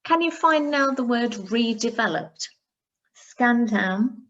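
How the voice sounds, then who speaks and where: Woman teacher, unhurried and deliberate, mid-pitched, breaks words into parts for young readers. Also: lo-fi sound. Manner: slow, careful, instructive, sounding out words. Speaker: primary school teacher. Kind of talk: recorded reading lesson for pupils.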